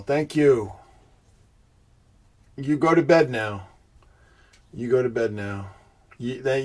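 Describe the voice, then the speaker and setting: A man with a medium-pitched, darkish voice hosts a livestream presentation, sounding out of breath and congested. In casual chat while reading viewer comments, he hesitates with many fillers, thanks viewers by name, and drops insinuating asides.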